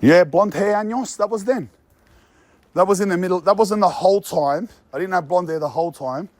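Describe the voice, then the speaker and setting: This young Australian man's voice is high-pitched, fairly quick and a little mellow, with no room sound. A social media personality, he's out among apartment blocks recording a casual walking vlog, talking brashly and boastfully in street slang.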